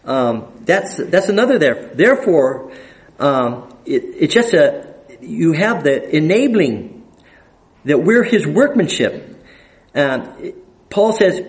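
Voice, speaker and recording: A man teaching a Bible study, speaking haltingly with fillers and reading scripture aloud with emphasis. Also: high-pitched, poor audio. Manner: halting, with frequent fillers and restarts.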